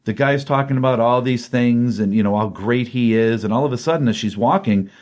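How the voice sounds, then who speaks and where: A man's voice: medium pitch, a little fast, darkish tone. A man giving a casual, rambling recap of a comic book issue, full of ums and you-knows.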